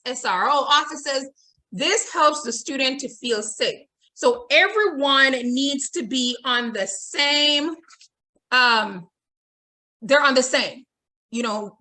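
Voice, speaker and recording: Woman running a teacher webinar, bright clear voice, keeps saying okay to check in. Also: high voice. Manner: repeats points with frequent "okay?" check-ins; reads audience comments aloud. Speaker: teacher trainer. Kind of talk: webinar presentation.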